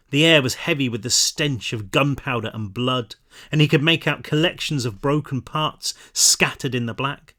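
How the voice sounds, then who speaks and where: A man reading his own novel aloud, relaxed, now and then correcting himself. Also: fairly high pitch. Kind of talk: audiobook narration.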